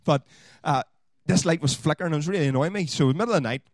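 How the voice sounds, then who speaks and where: A man preaching a sermon, swinging from loud exhortation to quiet asides. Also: fairly high pitch, racing, no echo. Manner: animated, rising to loud exhortation then dropping to quiet asides.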